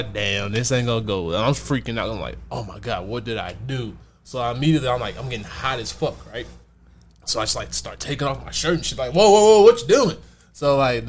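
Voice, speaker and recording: Male podcast host, mid-pitched, animated slangy storyteller, faint noise behind. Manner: lively storyteller acting out quoted voices, slangy. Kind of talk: casual chat.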